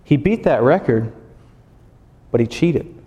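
A man, a pastor, preaching a sermon as animated storytelling and acting out voices. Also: medium pitch, slow, big-room sound, highs cut off.

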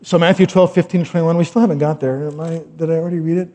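A middle-aged male pastor preaches with a raised, mellow voice. His talk is loose and chatty, full of asides, and now and then he rises to loud emphatic lines. The sound rings with a long hall reverb. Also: on the high side, fairly even intonation, very fast. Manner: conversational, rambling asides, rising to loud emphatic quotes. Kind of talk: sermon.

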